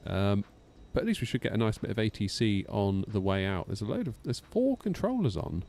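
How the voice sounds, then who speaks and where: A man's voice: on the low side, very animated, brisk, vocal fry, a little mellow, slight background noise. A man streaming a flight sim, chatting casually, teasing himself and answering chat aloud. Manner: chatty, self-mocking, reads chat aloud.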